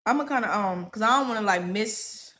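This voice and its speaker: A young woman talks to her viewers in a loose, casual rant. Her voice sits at an ordinary middle pitch, and she chats freely, sometimes through a mouthful of food. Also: a little fast, bright, forceful tone. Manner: casual, chatty, talks while eating. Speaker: vlogger.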